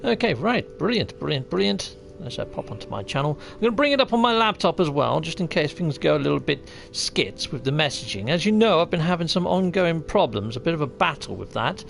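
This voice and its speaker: A man with a rather high voice and vocal fry hosts a live game stream, talking fairly quickly with lively intonation. He greets chat viewers with jovial, theatrical flair, mixing gameplay commentary with shout-outs and chatty asides.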